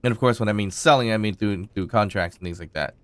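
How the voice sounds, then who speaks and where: A man hosting his gaming channel, chatting casually as he plays, thinking aloud with fillers, his voice still rough from a recent illness. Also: fairly low pitch, fast, dry recording. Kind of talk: casual gameplay commentary.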